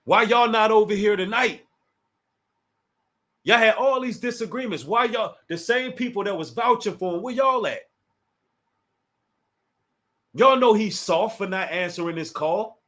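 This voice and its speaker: A high, slightly bright male voice comes at a measured pace with frequent pauses. The speaker is a Washington, D.C.-area man hosting a casual livestream, taunting a rival and addressing his chat head-on.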